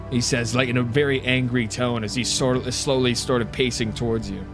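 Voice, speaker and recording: A man's voice: mid-range voice, steady tone, brisk, music in the background. A man narrating as game master on a live stream, vivid and descriptive, with frequent uhs and restarts.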